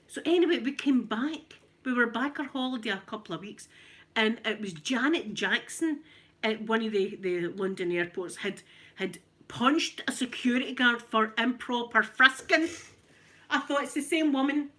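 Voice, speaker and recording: A middle-aged Scottish woman chatting and telling a funny story while she irons, animated and laughing often. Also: a little high, moderate pace. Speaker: ASMR channel host. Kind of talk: casual storytelling while ironing.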